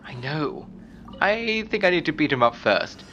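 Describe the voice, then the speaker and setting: A man commentating live on his own gameplay, chatting casually and bursting into loud screams and laughs at the game. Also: on the high side, very animated, normal speed, highs cut off, slight background noise. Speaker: game streamer.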